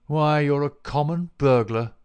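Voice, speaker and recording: A male reader voicing a big, bald swindler whose oily, made-everything-easy voice rides a little higher than a plain reading voice. He sounds smug and mocking, pushing every phrase forward with a bit more force, an audiobook rogue through and through. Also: a little slow, a little mellow, clean tone, close to an everyday voice. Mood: indignant.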